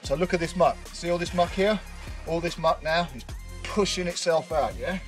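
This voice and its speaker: A man's voice: a little high, normal speed, faint music behind. A man, a roofer, chatting casually outdoors on a roof and explaining each step of the job as he works, recorded on an action camera. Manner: chatty, explains while working. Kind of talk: casual work vlog.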